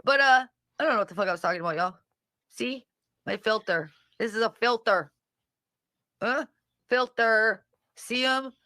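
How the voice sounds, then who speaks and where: A woman's voice: fairly high pitch, moderate pace, long pauses, bright, forceful tone, no room sound. A woman hosting a casual livestream, reading comments and mocking people in a brash, profane way. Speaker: livestream host.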